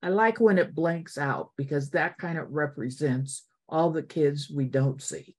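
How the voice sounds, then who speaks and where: Older woman, guest speaker to an online meditation group. Slow, low, heartfelt and encouraging, repeats phrases. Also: darkish tone, slightly rough. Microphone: video call.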